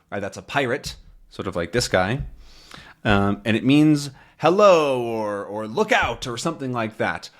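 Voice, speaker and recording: A man hosting a lesson, reading a comic with beginner English learners and explaining words slowly and plainly. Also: medium pitch, lively intonation. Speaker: English teacher, channel host.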